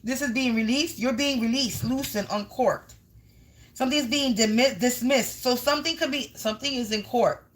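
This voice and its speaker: A fairly high-pitched woman streams a live spiritual energy reading. She talks straight to her viewers, swears freely, and circles through strings of near-synonyms as she goes. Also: normal speed. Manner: blunt and profane, rambling lists of words. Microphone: streaming live on camera.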